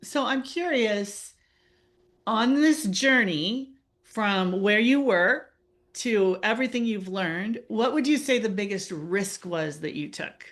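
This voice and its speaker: A woman's voice: medium pitch, expressive, slow pace, fairly bright tone. A woman interviewer asking questions in an attentive, affirming manner. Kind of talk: conversational interview.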